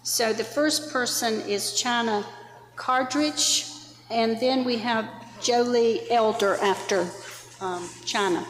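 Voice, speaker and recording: A woman serving as city clerk reads out the rules for public comment in a measured way, with occasional fillers. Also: fairly high pitch. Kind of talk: procedural announcement. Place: council chamber. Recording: echoey council chamber.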